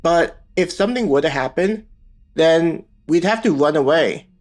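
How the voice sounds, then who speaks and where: A man reading the lines of a stubborn young woman survivor in an audiobook, in a plain, even manner. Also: fairly high pitch, normal speed, soft background music, natural voice.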